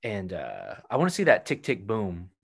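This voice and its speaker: A man's voice: fairly low pitch, huge pitch swings, moderate pace, creaky, husky. A man in casual chat who rambles, trails off and searches for words.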